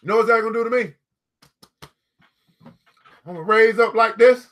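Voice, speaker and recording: Reading to a live audience at his book club, this man has a very high-pitched, slightly bright voice and speaks at a normal speed. He plays with the material emphatically, repeating key phrases for fun.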